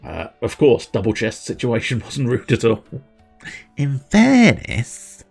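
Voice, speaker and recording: A man's voice: mid-range voice, animated, moderate pace, vocal fry, a little mellow, breathy edge, soft background music. A man casually commenting while streaming a video game, with rambling, self-mocking asides.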